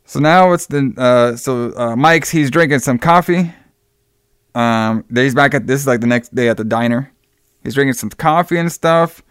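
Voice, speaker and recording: A man's voice: mid-range voice, normal speed, fairly bright tone, clean tone, no room sound, clean studio sound. Rambling young man recapping a film. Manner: rambling, many fillers and restarts.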